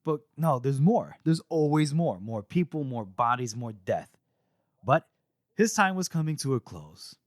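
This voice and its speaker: A young man co-hosting a podcast, retelling a book chapter in casual chat, animated and laughing as he acts out lines. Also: mid-range voice, a little slow, dry recording, clean studio sound.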